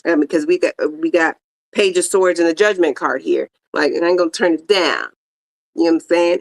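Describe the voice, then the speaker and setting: A woman's voice: on the low side, fairly quick, vocal fry, no echo. Casting: woman, tarot reader, laid-back slangy delivery, dry close sound. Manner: slangy, talks to viewers directly with many fillers. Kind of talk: casual tarot reading to viewers.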